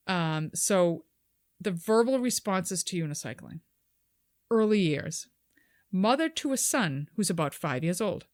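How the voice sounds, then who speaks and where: A woman's voice: lowish voice, no echo, studio quality. A woman co-hosting a podcast, chatting casually and reading excerpts aloud with wry, swearing mockery. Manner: wry, animated, swears freely and mocks the quotes. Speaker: podcast co-host.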